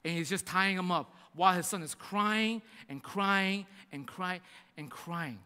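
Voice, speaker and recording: High bright-voiced preacher man in a hall. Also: measured pace, smooth. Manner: animated storytelling, acting out voices in quotes. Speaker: pastor. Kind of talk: sermon. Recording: reverberant hall.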